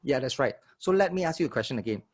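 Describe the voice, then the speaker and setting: Husky-voiced man teaching sales. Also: medium pitch, quick pace. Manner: energetic, checks in with audience often. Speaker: sales trainer. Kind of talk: live online workshop teaching.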